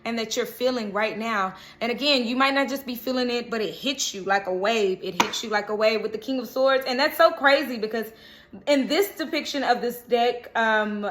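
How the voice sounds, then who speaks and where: Her voice on the high side and fairly bright, a tarot reader speaks to camera in a relaxed, comforting reading. She chats easily and keeps pausing to ask "okay?".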